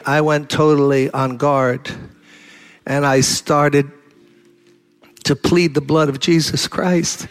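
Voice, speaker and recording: A man's voice: a little high, little pitch movement, takes it slowly, pauses often. An older man preaching a sermon, telling a story animatedly, acting out the dialogue and rising to fervent intensity. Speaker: pastor.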